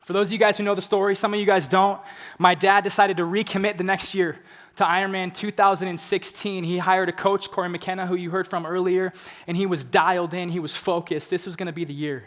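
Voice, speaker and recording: A young man giving an inspirational stage talk. He tells a personal story earnestly, dropping to hushed emotional lows and rising to urgent appeals. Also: level tone, fairly quick, few pauses. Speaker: motivational speaker. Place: large event hall on stage. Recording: long reverb of a large hall.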